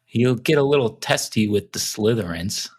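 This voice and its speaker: A man's voice: medium pitch, normal speed. A man with an American accent co-hosting a casual podcast, hedging at first and then arguing his point. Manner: hesitant, hedging, then animated when arguing. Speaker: podcast co-host. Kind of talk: casual chat.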